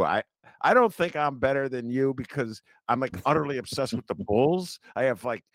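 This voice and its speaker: Animated, joking male podcast host. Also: mid-range voice, moderate pace, no echo, clean studio sound. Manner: animated, joking, self-deprecating storytelling. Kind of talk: casual interview chat.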